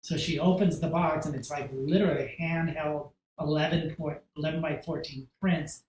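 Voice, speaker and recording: A man from the United States, a guest photographer, telling a story in a lively, casual way and acting out other people's lines. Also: fairly high pitch, moderate pace, a little hiss or hum. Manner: animated, acts out quoted dialogue. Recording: roomy echo.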